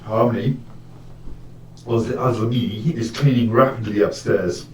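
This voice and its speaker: A man's voice: on the low side, unhurried. A man playing a tabletop game, chatting casually with jokes and the odd swear word. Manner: lively, joking, swears casually. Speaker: player. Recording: echoey room, far from mic, noisy.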